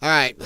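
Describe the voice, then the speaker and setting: A man's voice: high-pitched, vocal fry, a bit bright, smooth, dry recording, clean studio sound. A man hosting a live stream, reacting to clips with sarcastic, mocking commentary and frequent laughter. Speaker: live-stream podcast host.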